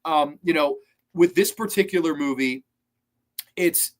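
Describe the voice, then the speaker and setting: A man's voice: a little high, a little slow. A man in his twenties giving a casual spoken film review, enthusiastic and swearing freely. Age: 20s. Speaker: movie reviewer.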